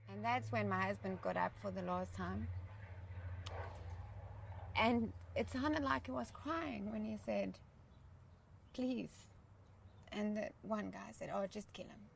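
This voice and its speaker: Woman interviewee, soft and shaken, gravelly edge, faint background noise. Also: medium pitch, takes it slowly, pauses often. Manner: quiet, shaken, recounting. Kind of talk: interview testimony.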